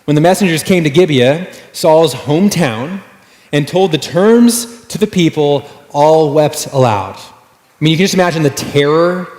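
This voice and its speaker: Conversational male pastor in an echoey hall. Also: fairly high pitch. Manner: conversational, animated storytelling with fillers. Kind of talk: sermon. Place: church sanctuary.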